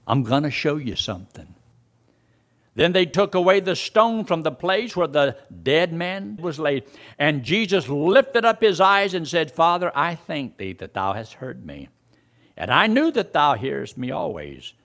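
A man's voice: on the high side, sing-song, measured pace, fairly bright tone. A man preaching a sermon, reading scripture verses aloud and explaining them to his listeners. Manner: reads scripture aloud and explains it, voice rising and dropping sharply.

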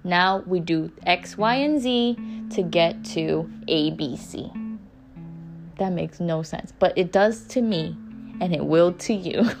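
This young podcaster delivers an unfiltered motivational talk, profane and casual, hammering points through repetition. Her lowish voice is slow with vocal fry, and music runs beneath her.

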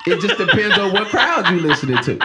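A man's voice: high-pitched, fast, very noisy. A young man, a stand-up comedian, talking casually as a guest. He swears freely and keeps breaking into laughter. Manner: animated and profane, often breaking into laughter. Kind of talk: casual, profane podcast conversation.

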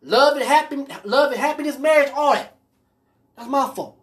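A woman hosting a podcast, telling personal stories in a blunt, profane, animated way. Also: high-pitched, moderate pace. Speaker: podcast host. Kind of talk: casual monologue storytelling.

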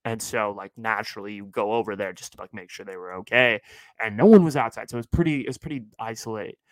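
A man in his twenties from California, telling a story on his podcast in an animated, chatty way. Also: fairly low pitch, fast, no echo, low-quality recording. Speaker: podcast host.

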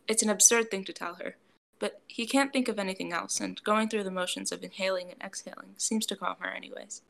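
A woman narrating a fan fiction audiobook, reading in a gentle, even way and voicing a soft-spoken young man's lines. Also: mid-range voice, fairly quick, gravelly.

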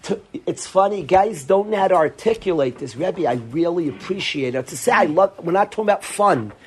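Husky-voiced rabbi lecturing earnestly. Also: male voice, high-pitched, expressive, a little fast. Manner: earnest, repeats phrases for emphasis. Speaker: rabbi teaching yeshiva students. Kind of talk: Torah lecture to students.

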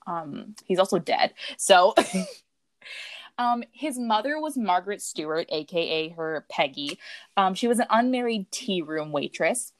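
An American woman hosting a casual podcast, chatty, with lots of fillers and quick jokes. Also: lowish voice, expressive, no echo. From United States. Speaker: podcast host. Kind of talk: casual true-crime chat.

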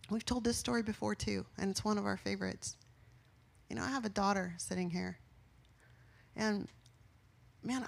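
A middle-aged woman preaching a sermon, asking her listeners questions and swinging from soft, slow lines to loud ones. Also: medium pitch, vocal fry. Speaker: pastor.

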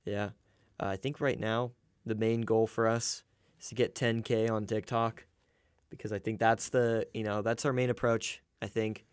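A young man co-hosting a sports podcast in a loose, chatty way, laughing easily and leaning on fillers. His voice sits a little low, and the recording is dry and close. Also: little pitch movement, normal speed, smooth, no echo. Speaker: podcast co-host. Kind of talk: casual sports podcast chat.

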